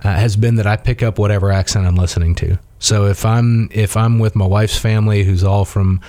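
A man with a low, mellow voice tells rambling stories in a casual chat, full of fillers and restarts. He grew up in Mississippi. The recording is dry and close. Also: steady tone, a little fast, dry recording. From Mississippi, USA. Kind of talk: casual conversation.

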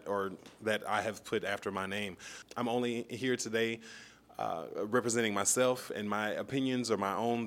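A man from Dallas, a seminary student on a podcast, speaking in a low voice. He chooses his words carefully and keeps a measured pace, with the odd "um". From Dallas, Texas. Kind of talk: casual podcast talk.

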